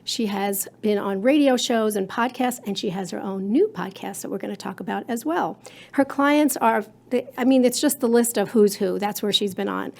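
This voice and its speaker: A woman's voice: mid-range voice, moderate pace, creaky, darkish tone. A woman hosting a podcast interview, introducing her guest in an effusive, complimentary way. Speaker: podcast host.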